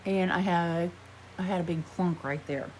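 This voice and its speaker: A woman's voice: on the low side, fairly even intonation, normal speed, darkish tone, a little hiss or hum. An American woman chatting casually in a haul vlog while trying on makeup, rambling and poking fun at herself. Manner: chatty, rambling, self-deprecating. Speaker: vlogger.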